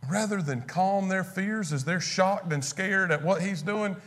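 High-voiced man preaching a sermon. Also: measured pace, fairly bright tone. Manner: conversational preaching, acts out quotes of scripture figures.

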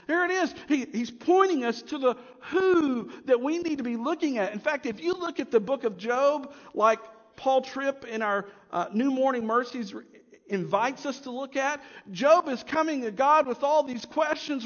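A man with a strikingly high voice delivers a sermon as a pastor. He preaches emphatically, swelling on key points and sinking to a quiet hush. The sound is dull, with a long reverb from a large church. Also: expressive, normal speed.

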